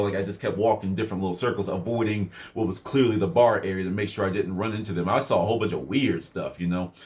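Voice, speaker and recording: A young man casually telling a personal story in a rambling way, full of fillers and asides. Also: on the low side. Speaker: vlogger.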